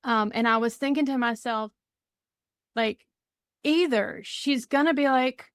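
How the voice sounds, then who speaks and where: A woman's voice: sits high, a little slow, clean tone, dry recording, studio quality. A woman with a Southern US accent, a podcast guest chatting casually, rambling and laughing often. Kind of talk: casual conversation.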